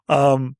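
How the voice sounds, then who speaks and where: Male business owner, mid-pitched, reflective casual talker, dry sound. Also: no room sound. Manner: reflective, halting, frequent fillers. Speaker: business owner, podcast guest. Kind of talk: casual conversation.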